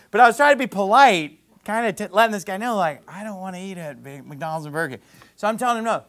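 A man from the United States, a preacher, telling a travel story in an animated way and acting out the people he quotes. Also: high-pitched, a little fast. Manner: animated, quotes others in lively voices. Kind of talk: storytelling sermon.

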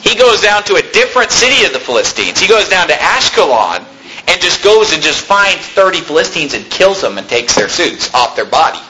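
A man's voice: high voice, very animated, fairly quick, bright, forceful tone. A man preaching a sermon, retelling a story in a casual, joking way. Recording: echoey room, faint noise.

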